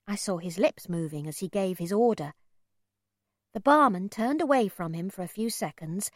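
A woman narrating a first-person children's story in an expressive, measured reading. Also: mid-range voice, no room sound, clean studio sound. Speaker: audiobook narrator.

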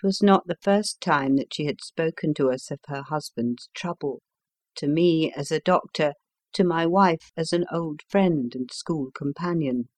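Brief: woman audiobook narrator, deep for a woman, slow and measured, dry close recording. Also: darkish tone, dry recording. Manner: measured, unhurried storytelling. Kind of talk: scripted narration of a classic story.

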